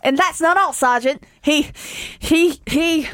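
A woman reading the part of a shaken young male soldier, halting and stammering, dragging out words. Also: high-pitched, fairly bright tone, dry recording, clean studio sound, pitched above the performer's own voice.

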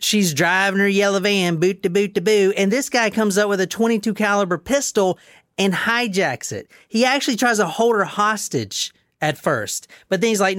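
A man with a notably high voice hosts a loose true-crime chat. He drifts between reading quotes and joking, swearing freely and laughing often. The sound is dry and close, with no room around it. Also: moderate pace, fairly bright tone, no echo. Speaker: host.

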